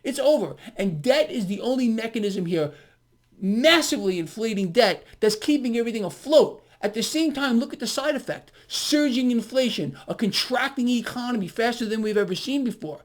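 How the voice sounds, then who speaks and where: A man's voice: very high voice, animated, moderate pace. A man giving a market commentary monologue on his video blog, emphatic and sarcastic, repeating his key words with ironic asides. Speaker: financial vlogger.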